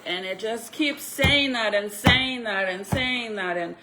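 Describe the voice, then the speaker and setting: A woman's voice: mid-range voice, a little slow, hardly any pauses, bright, forceful tone, a little hiss or hum. A young woman at home, talking casually to her vlog audience, sad and sometimes close to tears. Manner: sad, venting, sometimes tearful. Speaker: vlogger.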